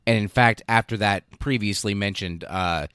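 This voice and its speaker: A man's voice: fairly low pitch, moderate pace, a bit bright, clear, resonant tone, dry recording, clean studio sound. A man hosting a casual history podcast, irreverent and sarcastic, swearing often and acting out quotes in silly voices. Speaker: podcast host.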